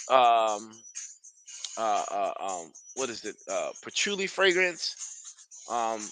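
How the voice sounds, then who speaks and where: A man's voice: on the high side, pushed and bright. A man hosting a casual live stream, talking loosely and enthusiastically straight to his viewers. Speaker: fragrance reviewer streaming live.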